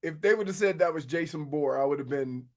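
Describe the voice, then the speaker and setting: A man's voice: a little high, brisk. A man co-hosting a sports radio show, joking around and laughing often. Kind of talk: casual sports radio chat. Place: radio studio.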